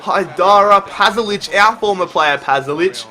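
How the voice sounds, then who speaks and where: Young male gaming host, high and bright, narrates his match and yells at near misses. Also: moderate pace. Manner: swings from calm analysis to shouting at big chances. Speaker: gaming YouTuber. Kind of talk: excited game commentary.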